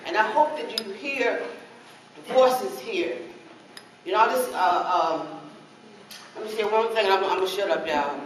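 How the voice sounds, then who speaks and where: A middle-aged woman speaking passionately as a parent caregiver at a public forum, pleading and repeating herself. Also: medium pitch. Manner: impassioned, pleading, repetitive. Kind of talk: emotional public comment. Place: public meeting hall. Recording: echoey hall from far off, noisy.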